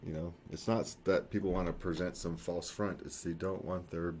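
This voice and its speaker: Guy with a low voice just chatting, rambly, laughs at himself, bit of hiss in the background. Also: fairly even intonation, moderate pace, darkish tone. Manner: rambling, self-correcting, chuckles often. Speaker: podcast co-host. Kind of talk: casual chat.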